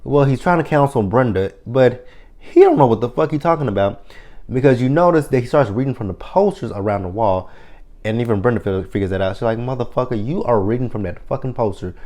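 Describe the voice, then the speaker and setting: A man giving a casual, chatty recap of a TV episode, swearing freely and filling pauses with "um" and "you know". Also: medium pitch, expressive, dark tone. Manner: profane, chatty retelling with many fillers. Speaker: TV episode reviewer.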